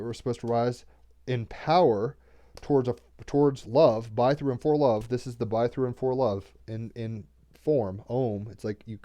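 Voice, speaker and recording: A man's voice: mid-range voice, mellow. A man doing a daily tarot card reading in a loose, rambling way, often restarting words and cursing casually.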